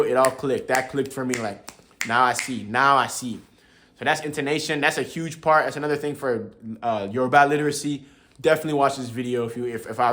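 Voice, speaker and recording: Laid-back young man explaining casually. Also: mid-range voice. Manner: laid-back, calls viewers bro, chuckles while explaining. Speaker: language learner teaching viewers.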